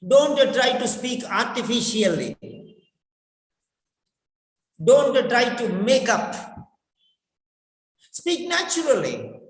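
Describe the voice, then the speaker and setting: A spoken English teacher giving a classroom lecture, repeating key phrases slowly and speaking directly to students. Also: medium pitch, big pitch swings. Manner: instructive, addresses students directly. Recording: echoey hall with long reverb.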